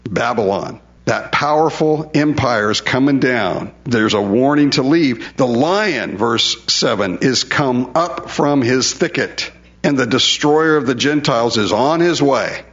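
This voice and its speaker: A man teaching a Bible passage in a relaxed, conversational way, asking rhetorical questions and paraphrasing God in everyday speech. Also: mid-range voice, a little slow. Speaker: pastor. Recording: dull lo-fi sound.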